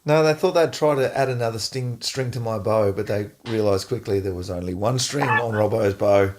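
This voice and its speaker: A middle-aged Australian man hosting a podcast, an animated storyteller who laughs often. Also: lowish voice, normal speed. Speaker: podcast host, former footballer. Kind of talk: casual storytelling chat.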